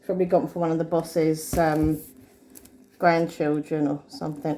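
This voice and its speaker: A woman's voice: lowish voice, takes it slowly, pauses often, warm tone, a little hiss or hum. A woman, rambling and thinking aloud to the camera while vlogging her day at home and out and about. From England. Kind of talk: casual day-in-the-life vlog chat.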